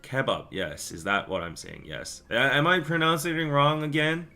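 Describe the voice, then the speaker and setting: A young man hosting a live stream, chatting casually and rambling through stories and viewer comments with quick asides and laughs. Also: on the high side, pushed and bright, faint music behind. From Korea. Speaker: podcast host reading live chat.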